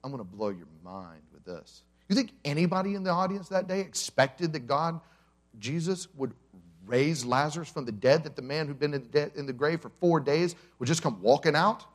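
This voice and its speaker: His voice a little high, his pace moderate, this pastor addresses a congregation in a church service with a conversational sermon. He narrates with animation and humor, acting out what the characters say.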